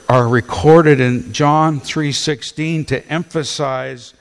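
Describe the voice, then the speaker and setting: A man preaching a sermon to a congregation, slow and emphatic, repeating words and drawing out key phrases. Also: a little high, steady tone. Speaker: pastor. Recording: long church hall reverb.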